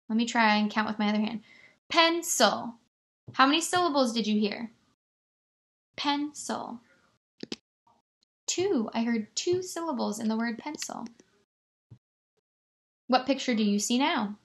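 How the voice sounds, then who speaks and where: A woman teacher giving a remote lesson to young children, stretching words out slowly and encouraging them. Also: on the high side, fairly bright tone. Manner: slow, exaggerated word-stretching, encouraging.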